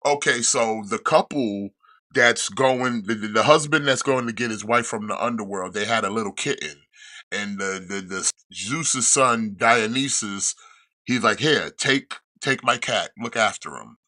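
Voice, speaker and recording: A man hosting a podcast, retelling a series in casual chat with rambling, profane storytelling and quick restarts. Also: on the low side, pushed and bright. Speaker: podcast host reviewing a show.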